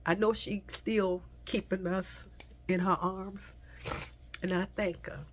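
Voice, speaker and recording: A woman shares a personal storytime with her viewers, her voice tearful and unsteady. She speaks softly and haltingly at a middle pitch, often slipping into a whisper and calling the audience y'all. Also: steady tone. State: tearful, crying at times. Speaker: vlogger.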